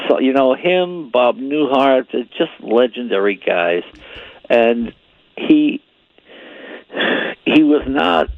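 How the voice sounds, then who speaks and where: A man's voice: medium pitch, dry recording. A man in his seventies, a comedian guest, telling rambling anecdotes and acting out the voices in them. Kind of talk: phone-in interview, storytelling. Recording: muffled lo-fi radio line.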